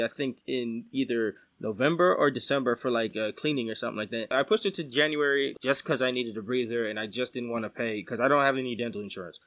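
A man's voice: mid-range voice, pushed and bright. A young man and podcast co-host tells a story in a casual, profane, exasperated rant.

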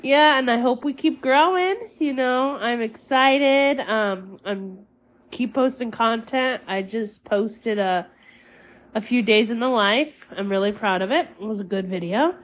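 A young woman hosting her own podcast, chatting casually and rambling with fillers, sounding a little congested. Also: fairly high pitch. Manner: slow, rambling, with many fillers and laughs. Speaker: podcast host. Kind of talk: casual solo podcast chat.

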